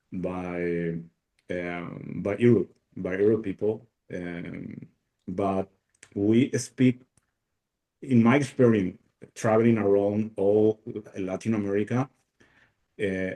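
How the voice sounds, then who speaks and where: A man from Paraguay talks over a video call in a Paraguayan Spanish accent, Spanish being his first language. His voice sits a little low and sounds mellow. He speaks haltingly, restarting phrases and filling gaps, and laughs often. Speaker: guest speaker. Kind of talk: casual video call chat.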